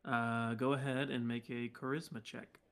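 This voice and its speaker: A man's voice: mid-range voice, little pitch movement, moderate pace, a bit bright. A man running a tabletop game as game master, narrating casually with jokes. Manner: casual, jokey.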